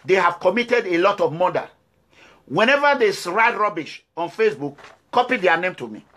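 A man's voice: high-pitched, sing-song, moderate pace, a bit bright. A Nigerian man speaking English with a Nigerian accent, giving a fiery, defiant address to his followers with repeated declarations. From Nigeria (Edo State). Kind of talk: impassioned video address.

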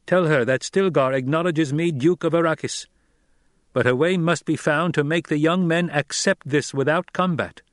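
A cold, commanding young noble speaks slowly and deliberately in a voice lifted well above the reader's own, as a male narrator puts him on. The audiobook sound is dry and close, with no room around it. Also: a little high, no room sound, pitched above the performer's own voice, natural voice. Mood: firm. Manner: slow, cold, commanding delivery.

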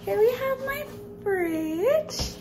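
A squeaky, very high little-girl voice , put on by a woman, drawls through a kitchen tour, word by word, bouncing up and down in pitch. It rings around a hard-walled room over loud background noise. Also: very animated, echoey room, heavily acted. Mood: playful. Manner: slow, sing-song tour-guide narration. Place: home kitchen.

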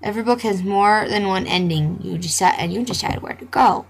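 A woman's voice: medium pitch, normal speed, few pauses, very noisy. A young woman playfully commentating a computer game, joking and reading the dialogue aloud. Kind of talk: gameplay commentary.

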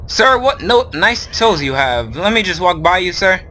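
A man's voice: high-pitched, fairly quick, few pauses, bright, forceful tone. A man hosting a horror game video, nervous and rambling, filling gaps with lots of ums. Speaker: gaming video host. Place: at home with his brother nearby.

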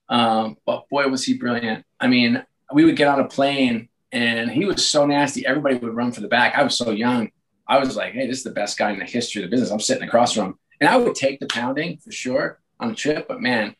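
A man in his late forties, a sports team executive as a podcast guest, telling stories in a lively way with frequent restarts. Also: medium pitch, low-quality recording. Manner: animated, frequent restarts and repeated words. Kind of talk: casual interview storytelling.

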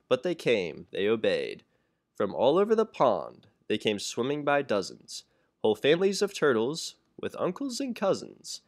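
A young college-age man reading a rhyming children's storybook aloud in an expressive, sing-song way. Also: mid-range voice. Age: young adult. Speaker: children's book reader.

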